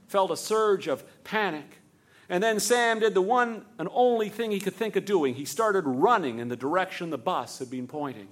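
A man narrating a story in a steady, vivid storytelling manner. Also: high-pitched.

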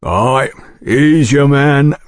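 A man doing a gruff fat rat-pit landlord. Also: medium pitch, drawn-out words, dry recording, clean studio sound, voice pushed up. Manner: blunt, rough-spoken.

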